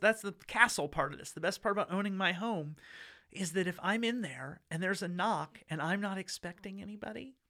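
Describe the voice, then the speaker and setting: A man's voice: high-pitched, sharp tone. A man telling a story in casual chat, rambling and wry with lots of fillers.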